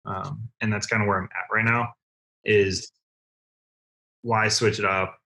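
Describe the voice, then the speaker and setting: A young man from Ohio, a guest on a casual podcast, talking in a relaxed, rambling way with many fillers. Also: on the low side, measured pace, creaky. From Cleveland, Ohio. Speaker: guest, car content creator.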